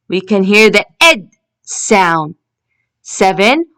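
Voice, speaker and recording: Slow, lively-voiced woman teaching phonics. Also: mid-range voice. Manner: slow, stretching each word ending and repeating words. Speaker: English teacher. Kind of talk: phonics lesson.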